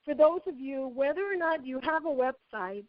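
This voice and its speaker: A woman marketing trainer walking through a software tutorial step by step, chatty and narrating each click aloud. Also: high-pitched, animated, normal speed, dry recording, phone-quality sound. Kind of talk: screen-share software tutorial.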